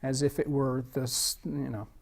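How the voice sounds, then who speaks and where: A man with a faint Arkansas Southern accent answers interview questions in a mid-pitched voice. He speaks in a measured, articulate way and often pauses on "uh" while he gathers his thoughts. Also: steady tone, gravelly. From Arkansas, USA. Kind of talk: casual interview talk.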